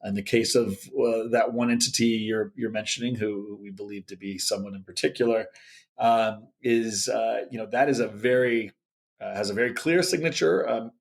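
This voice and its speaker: Male podcast guest, gravelly, thinks aloud with fillers, remote call. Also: lowish voice, fairly even intonation, normal speed. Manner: thoughtful, many fillers and restarts. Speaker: options volatility guest. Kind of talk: interview answer on markets.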